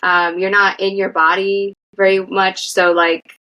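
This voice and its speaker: A woman therapist talking casually and thoughtfully about grief, with many fillers and pauses. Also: medium pitch, little pitch movement, sharp tone, rough recording. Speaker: therapist guest. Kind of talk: casual conversation.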